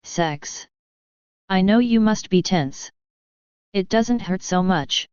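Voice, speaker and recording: Brief: firm old-fashioned mother, voiced by a woman reader; clear tone, dry sound. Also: medium pitch, animated, slow pace, a little mellow, dry recording. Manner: firm, matter-of-fact. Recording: dull, dry lo-fi audio.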